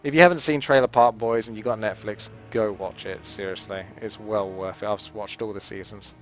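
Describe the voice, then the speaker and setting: Relaxed English esports caster. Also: male voice, fairly low pitch, normal speed, faint music behind. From England. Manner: relaxed, chatty and rambling. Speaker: esports commentator. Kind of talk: live game commentary.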